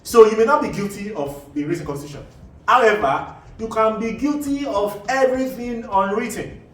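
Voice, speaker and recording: A man's voice: sits high, normal speed, soft background music. A man with a Nigerian accent, hosting and explaining in a casual, rambling monologue full of "you know" asides and restarts. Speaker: host. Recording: echoey room, mic at a distance, faint background ambience.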